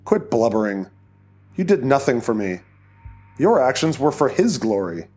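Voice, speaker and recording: A man reads as a cruel cult leader in an audiobook, commanding and menacing. He speaks slowly in a soothing, coldly controlled tone at a mid pitch. Soft music plays faintly behind him. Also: sing-song, natural voice. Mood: menacing, calm.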